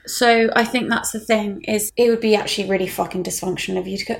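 A woman in her thirties, talking candidly and bluntly in a casual chat, swearing freely and rising in pitch as she heats up. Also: fairly even intonation, fairly quick, vocal fry, hardly any pauses. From England.

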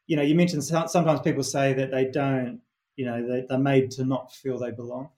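A man's voice: medium pitch, flat delivery, brisk, darkish tone. A middle-aged man with a New Zealand accent, a performance coach telling stories in an earnest, reflective interview answer with frequent restarts.

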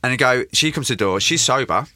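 A man's voice: medium pitch, animated, fast talker, pushed and bright, no room sound, studio quality. A man telling a long, rambling story in casual interview chat, swearing freely and slipping into voices of the people in it. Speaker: guest.

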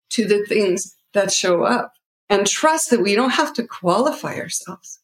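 A woman's voice: mid-range voice, lively intonation, unhurried, roomy sound. A middle-aged woman guest on an interview, speaking in a heartfelt, emotional and rambling way. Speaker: guest, nonprofit founder. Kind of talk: interview conversation.

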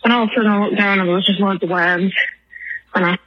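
A woman's voice: mid-range voice, fairly even intonation, fast talker, muffled recording. A woman from England leaving a rambling phone voicemail for a podcast while out of breath from walking her dog. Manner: rambling, lots of ums and likes. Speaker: caller.

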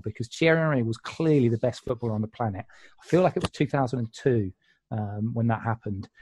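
Man, eager casual talk, dry close sound, mid pitch. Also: mellow, no echo. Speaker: podcast panelist. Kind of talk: casual chat.

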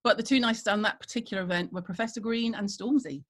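Middle-aged British woman guest, chatty anecdote teller, lively quoting voice. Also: mid-range voice, fast talker, background noise. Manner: animated gossipy storytelling with acted-out quotes. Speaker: guest storyteller. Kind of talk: casual chat, anecdote.

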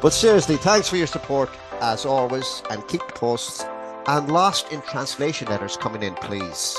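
A man's voice: medium pitch, normal speed, music in the background. A man co-hosting a comedy podcast, telling a joke with lots of laughter. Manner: animated storyteller, laughs often. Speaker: podcast co-host.

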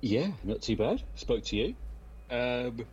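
A man's voice: medium pitch, sing-song, takes it slowly, a little mellow, lo-fi sound, a little hiss or hum. A man in his thirties co-hosting a podcast. He sounds tired and talks in easygoing, laughing banter. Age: 30s. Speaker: podcast co-host. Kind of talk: casual banter.

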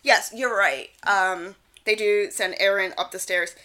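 A woman's voice: medium pitch, steady tone, a little slow, sharp tone. A woman co-hosting a casual podcast recap, laughing often and acting out quotes. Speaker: podcast co-host.

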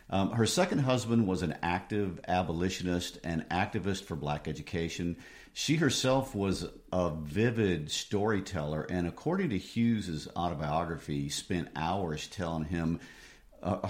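A man co-hosting an educational discussion, giving historical background in a measured, informative way. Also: low-pitched, darkish tone. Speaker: co-host.

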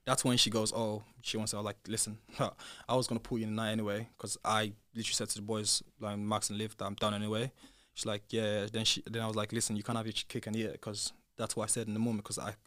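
A young British man, a former reality show contestant guesting on a podcast, casually retells events and acts out the conversations, his emphasis rising and getting loud when things heat up. His lowish voice moves quickly, recorded in a clean studio with no echo.

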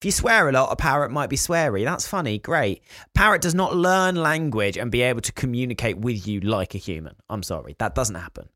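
A man's voice: mid-range voice, animated, brisk, hardly any pauses, bright, forceful tone, dry recording, clean studio sound. A man co-hosting a podcast, explaining facts and telling stories in casual chat. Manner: explaining, storytelling. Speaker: podcast co-host.

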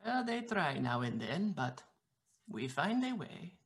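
A man's voice: medium pitch, animated, darkish tone. A man doing an old cat-folk wizard with a put-on accent. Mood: wry. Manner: put-on accent, slow and genial.

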